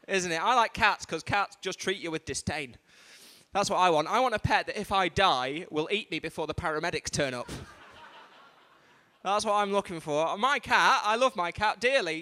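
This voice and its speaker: A man's voice: sits high, brisk, pushed and bright. Chatty man compering in a hall. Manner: rambling, chatty, restarts and asides to the crowd. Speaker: event host and compere. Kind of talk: live stand-up compering. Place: large museum event hall. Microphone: stage microphone. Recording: reverberant hall on live stream.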